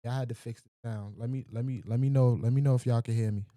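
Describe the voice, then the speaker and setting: A man's voice: mid-range voice, steady tone, fast talker, warm tone, no room sound, studio quality. A man hosting a livestream, chatting casually with his viewers in a loose, slangy and profane way. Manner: loose, slangy and profane, talking straight to the chat. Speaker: livestream host. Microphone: desk microphone with mic checks.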